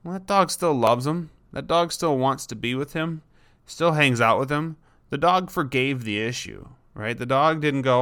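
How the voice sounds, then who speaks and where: A man's voice: mid-range voice, moderate pace, fairly bright tone, smooth. A man hosting a podcast, talking casually and rambling, often repeating words and voicing his dog in short asides. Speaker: podcast host.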